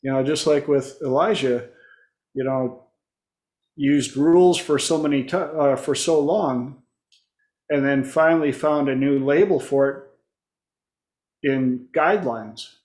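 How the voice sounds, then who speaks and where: A man's voice: medium pitch, unhurried, pauses often, darkish tone, roomy sound. A man hosting a coaching talk. He rambles and digresses, with many fillers. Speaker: life coach host.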